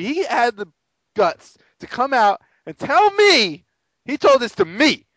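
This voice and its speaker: A man's voice: very high-pitched, huge pitch swings, unhurried, fairly bright tone, dry recording, poor audio. A man co-hosting a sports podcast, ranting in an exasperated, sarcastic way and mocking people in quoted voices. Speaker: podcast co-host. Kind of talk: casual sports podcast rant.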